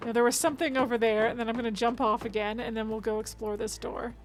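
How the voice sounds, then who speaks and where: High-pitched woman streamer rambling thru her game, lots of laughing, faint music behind. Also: fairly even intonation, fast. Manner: chatty, self-narrating, laughs often. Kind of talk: casual let's-play commentary.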